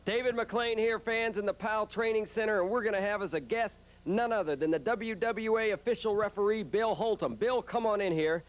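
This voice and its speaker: A man's voice: high-pitched, fairly quick, hardly any pauses, rough recording. A man hosting a televised wrestling interview segment, polite and formal, a little flustered by interruptions. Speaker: wrestling show host and interviewer.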